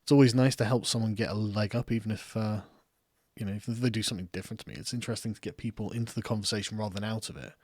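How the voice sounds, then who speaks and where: A man's voice: fairly low pitch, steady tone, very fast, a little mellow, no echo, clean studio sound. Rambling English man reading chat comments. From England. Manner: rambling, laughs often, swears freely, self-mocking. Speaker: political commentary streamer. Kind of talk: casual livestream chat reading viewer comments.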